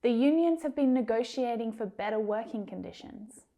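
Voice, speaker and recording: A woman teaching English pronunciation, saying words slowly and clearly, drilling each one several times with careful articulation. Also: on the high side, animated, lo-fi sound. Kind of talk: slow, deliberate pronunciation lesson.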